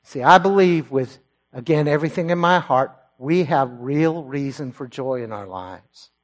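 A man preaching a sermon to his congregation, rising loud and high when he quotes scripture and dropping low and quiet for personal asides. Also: normal speed. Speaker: pastor.

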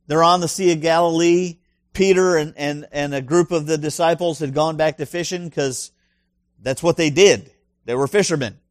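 A man's voice: a little high, steady tone, moderate pace, no room sound, clean studio sound. A male pastor preaching a sermon in an emphatic way, full of rhetorical questions and punchy asides.

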